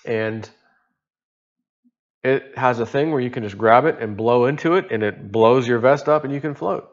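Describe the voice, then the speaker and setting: A man's voice: medium pitch, moderate pace, muffled recording. A man telling a personal story in a casual monologue, rambling, chuckling and swearing offhandedly. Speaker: vlogger.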